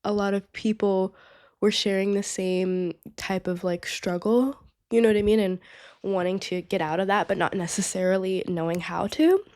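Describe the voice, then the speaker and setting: A woman's voice: mid-range voice, fairly even intonation, moderate pace, a little mellow. A young woman hosting her own podcast, talking casually and chattily with lots of "like" and "you know what I mean". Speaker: podcast host. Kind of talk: casual solo podcast talk.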